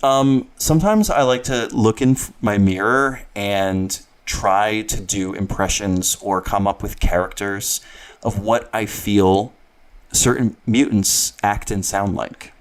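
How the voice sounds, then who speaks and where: A man's voice: on the low side, slow pace, smooth. A man co-hosting a podcast in casual chat, with a teasing, playful manner. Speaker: podcast co-host.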